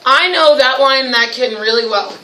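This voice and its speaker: A woman with a North Jersey accent leading a teacher training workshop, lively and acting out classroom scenes. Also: sits high, fairly quick, a little hiss or hum. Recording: echoey room, mic from far off.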